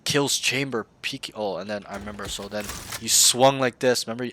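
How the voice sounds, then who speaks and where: A man's voice: mid-range voice, moderate pace, pushed and bright, a little hiss or hum. A man coaching a player in a casual game review, blunt and slangy, often swearing.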